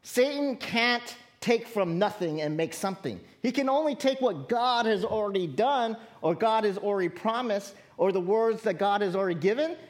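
A woman's voice: medium pitch, animated, normal speed, few pauses, darkish tone. A woman pastor giving a sermon in an earnest, conversational way, calling out to her congregation. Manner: earnest, conversational preaching with direct appeals to the congregation.

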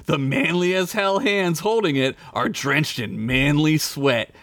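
A man's voice: a little high, slow pace, a bit bright, dry recording. A man narrating a crude, comic fantasy game story as game master, often breaking into giggles. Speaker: game master and podcast co-host. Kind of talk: comedic tabletop narration.

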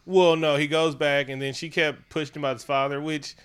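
A man co-hosting a casual chat, talking in an animated, profane way and breaking into funny voices. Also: a little high, a little fast, smooth. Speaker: podcast co-host.

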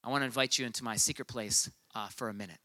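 A man's voice: mid-range voice, fast, bright, forceful tone. A man preaching a sermon, reading scripture aloud and commenting on it.

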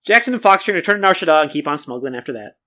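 A man hosting a comedic podcast, breezily recapping a story in a playful way. He talks fast, with a bright, forward tone. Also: a little high, expressive.

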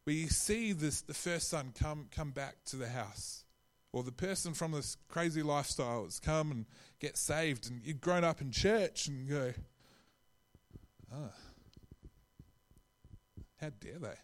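Male preacher, slightly high voice, casual sermon delivery. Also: normal speed, few pauses. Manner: conversational, with frequent restarts and acted-out quotes.

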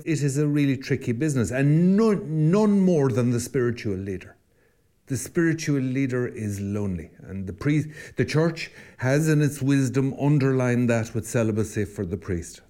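Irish male priest, podcast co-host, mellow and reflective, conversational storyteller. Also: medium pitch, normal speed. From Ireland. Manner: reflective storyteller with frequent restarts. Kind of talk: casual conversational podcast talk.

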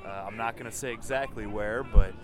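A man's voice: on the low side, fairly even intonation, a little fast, over loud music. A man hosting his podcast outdoors at a motorcycle meetup, talking casually to listeners with easygoing swearing. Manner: laid-back, swears casually, addresses listeners as y'all. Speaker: podcast host. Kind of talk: casual on-the-street recording. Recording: loud outdoor engine noise. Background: revving motorcycles.

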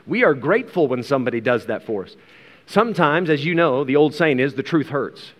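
A man's voice: a little high, expressive, fairly quick, fairly bright tone. A man preaching a verse-by-verse Bible sermon, earnest, often checking in with rhetorical questions and repeating words as he goes. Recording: long hall reverb.

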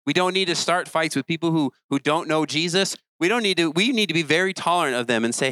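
A man with a fairly high voice preaches earnestly to a youth crowd, talking in a plain, conversational way. His sentences stumble and restart now and then. The sound is dry and close. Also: quick pace, hardly any pauses, pushed and bright, dry recording, rough recording. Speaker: youth pastor. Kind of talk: sermon.

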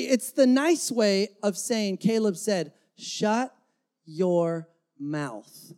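Slow, emphatic male pastor preaching. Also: high-pitched, warm tone. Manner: dynamic, emphatic preaching with acted-out quotes. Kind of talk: sermon. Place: church before a congregation.

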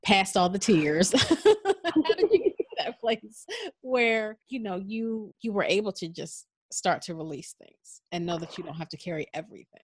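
A woman's voice: medium pitch, expressive, normal speed, husky, no echo, clean studio sound. A woman hosting a podcast, asking reflective questions and affirming her guest. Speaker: podcast host. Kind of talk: interview questions.

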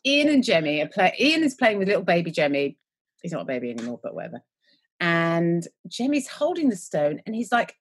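Chatty woman with a husky voice. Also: fairly low pitch, big pitch swings. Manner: chatty, rambling, quick to joke, trails off mid-word. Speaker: podcast co-host. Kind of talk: casual chat recapping a TV episode.

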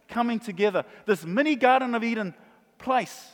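A male pastor preaching a sermon, animated, acting out the voices of Bible figures. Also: extremely high pitch, normal speed. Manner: animated, acts out voices of crowd and Jesus. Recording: long reverb of a large hall.

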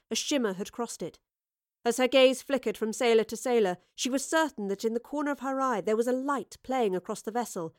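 A woman reading a story aloud as narrator, steady and expressive. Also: a little high, no room sound, clean studio sound. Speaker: audiobook narrator. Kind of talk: scripted narration.

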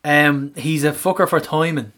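Sex: man. Role: podcast co-host. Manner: jokey, casual swearing, slightly high voice. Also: fairly even intonation, moderate pace, a bit bright. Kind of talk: casual football fan chat.

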